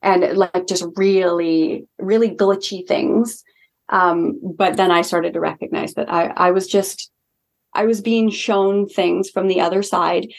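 A young woman with a lowish, gravelly voice recounts a personal experience in a casual podcast conversation. She talks in an earnest, chatty way, full of "like" fillers. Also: fairly even intonation, unhurried. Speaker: guest, holistic healing practitioner. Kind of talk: casual storytelling in a podcast interview.

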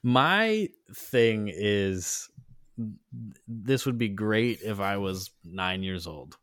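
A man co-hosting a casual fan podcast, easygoing and chatty, quick to agree. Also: lowish voice, lively intonation, fairly bright tone, no room sound, studio quality. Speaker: podcast co-host.

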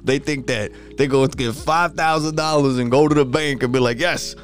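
A man's voice: mid-range voice, steady tone, normal speed, faint music behind. A man hosting a podcast, ranting in a casual, profane and frustrated monologue.

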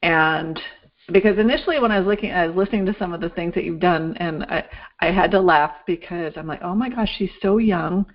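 A woman's voice: on the low side, brisk. A woman hosting a radio interview, speaking in a reflective, encouraging way. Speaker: radio show host. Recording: dull lo-fi sound.

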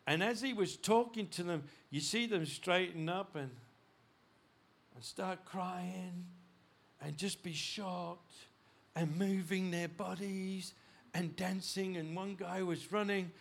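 A middle-aged male pastor preaching a sermon, animated, with frequent restarts, growing loud and urgent in places. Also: high voice, takes it slowly, gravelly. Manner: animated preaching, rising loud when voicing God; frequent restarts and repeated words.

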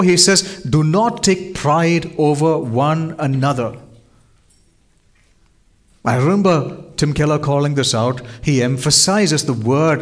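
Earnest preaching man. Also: on the high side. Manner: earnest, asks rhetorical questions. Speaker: pastor. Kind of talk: sermon.

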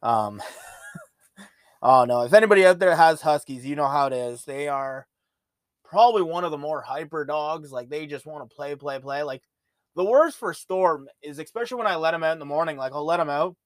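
Laid-back man, slightly high voice. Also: moderate pace, no echo, studio quality. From Ontario, Canada. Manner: rambling, profane, laid-back storytelling. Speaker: podcast host. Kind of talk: casual monologue.

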